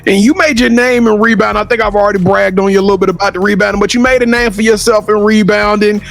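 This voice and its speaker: A man hosting a sports talk show, loud and playful, joking and often shouting. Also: high voice, steady tone, fast, vocal fry, faint music behind. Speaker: podcast host. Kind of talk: casual chat.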